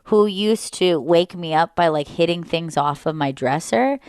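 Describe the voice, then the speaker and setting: A woman's voice: lowish voice, a little slow, a little mellow, smooth. A woman in her thirties chatting casually on a talk show, laughing often and acting out her pet's thoughts in little voices. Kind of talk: casual comedic chat.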